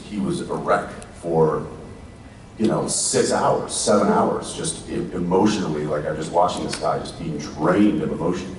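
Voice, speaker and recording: A man's voice: extremely low pitch, a little mellow, a little hiss or hum. A man in his forties, an actor on a convention panel, telling thoughtful stories to a live audience, often trailing off and restarting. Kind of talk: reflective storytelling to a live audience. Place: large convention hall stage. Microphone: handheld mic, recorded from the audience. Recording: distant echoey hall audience recording.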